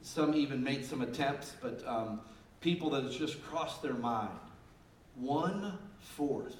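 A man in his fifties preaching a sermon as pastor, swinging between loud emphasis and quiet asides. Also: mid-range voice, moderate pace, a little hiss or hum. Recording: roomy and distant with faint ambience.

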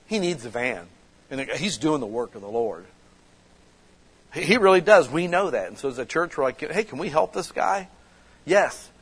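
A man's voice: fairly high pitch, slightly rough, rough recording. A man preaching a casual, conversational sermon that builds to passionate emphasis as a church pastor. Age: adult with children.

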